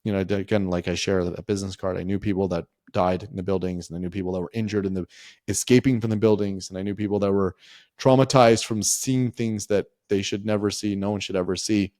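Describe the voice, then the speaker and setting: A man's voice: low voice, steady tone, fairly quick, darkish tone, dry recording, clean studio sound. A man in his forties, a podcast guest, telling a personal story in a rambling, conversational way with lots of fillers. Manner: rambling, frequent "like" and "you know" fillers.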